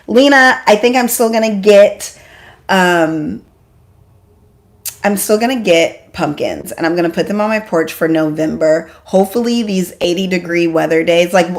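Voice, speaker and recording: A woman hosting a casual live stream from home, chatty and excitable, joking at her own expense and greeting viewers by name. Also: on the low side. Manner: self-deprecating, apologetic asides. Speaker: homeschool mom vlogger hosting a live stream.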